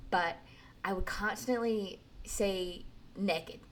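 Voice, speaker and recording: A woman's voice: medium pitch, measured pace, a little hiss or hum. A young woman from the American South, her accent trained to neutral American, telling tangent-filled stories in casual podcast chat. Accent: mostly neutral American, trained out of Southern. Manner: animated storyteller, tangents, acts out quotes. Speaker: podcast co-host.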